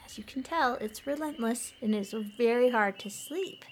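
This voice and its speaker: Giggly and chatty, this podcast co-host from Colorado tells animated stories in a casual chat. She has a slightly high voice and a moderate pace, and a faint hiss or hum is audible.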